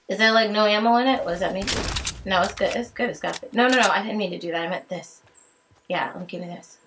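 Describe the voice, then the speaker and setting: Young female game streamer, high and bright, excitable and chatty, faint background noise. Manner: excitable, chatty, swings from hushed mutters to shouts. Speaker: gaming channel host. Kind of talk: excited live game commentary.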